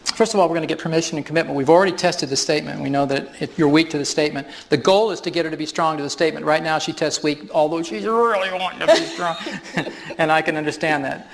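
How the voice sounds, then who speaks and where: A man's voice: a little high, fast, vocal fry, a little hiss or hum. Man presenting in a reverberant hall. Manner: explanatory, chuckles often. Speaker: workshop presenter. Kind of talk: live stage demonstration. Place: large hall with audience.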